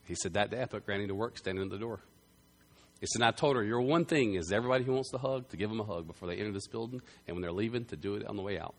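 A man preaching a sermon, telling a story with loud bursts that drop to quiet, earnest passages. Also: fairly low pitch, rapid-fire. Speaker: pastor.

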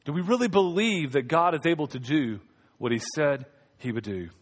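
High-voiced male pastor, echoing hall. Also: expressive, moderate pace. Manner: conversational, humorous, calls for congregation responses. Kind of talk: sermon. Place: church sanctuary.

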